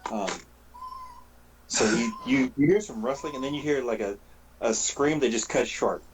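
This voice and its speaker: Halting, casual man running a tabletop game. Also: medium pitch, very noisy. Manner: casual, halting, many fillers and restarts. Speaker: game master.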